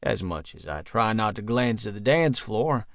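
A man's voice: on the low side, animated, normal speed, dry recording, clean studio sound. A man narrating a first-person romance audiobook in a brooding, irritable tone.

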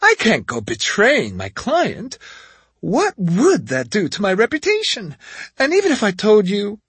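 A man voicing a spiteful female witch assassin in an audiobook, high, shrill and sneering, with a husky edge in a dry recording. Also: huge pitch swings, a little slow, a bit bright, no echo, heavily acted. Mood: mocking.

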